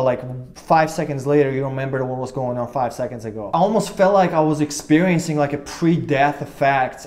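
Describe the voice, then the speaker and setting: A man's voice: fairly high pitch, a little mellow. Young man, earnest, rambling, lots of ums and restarts, personal story to camera. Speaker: vlogger telling his own story.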